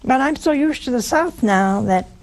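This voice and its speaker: An older woman giving a Catholic teaching talk to a live audience, telling stories with animated emphasis and dramatic pauses. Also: high-pitched. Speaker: religious teacher.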